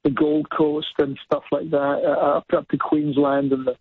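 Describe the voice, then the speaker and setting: A man's voice: fairly high pitch, level tone, normal speed, slightly rough, no echo. An older man, a musician guest, chatting loosely in a phone interview, full of restarts and "you know". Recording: dry, tinny phone line.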